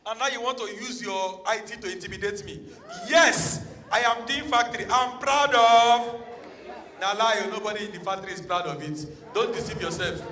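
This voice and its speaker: A comedian teases the crowd in a mock-indignant stand-up routine. His voice is very high and bright, with a sharp edge to it, and the hall rings with echo and a long tail. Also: a little fast. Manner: mock-indignant, teasing the audience. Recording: echoey hall.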